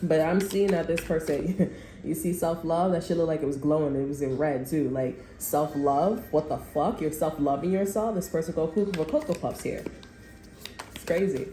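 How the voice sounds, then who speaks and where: A woman's voice: deep voice, normal speed, dark tone, soft background music. A woman giving a casual tarot reading, rambling and profane, with slangy talk and bursts of laughter. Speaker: tarot reader. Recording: echoey room.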